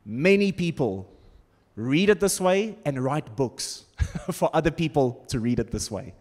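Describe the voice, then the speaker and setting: A man's voice: a little high, animated, measured pace, darkish tone. A man preaching a sermon as pastor, conversational and humorous with sarcastic asides. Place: large church auditorium. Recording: long church-hall reverb.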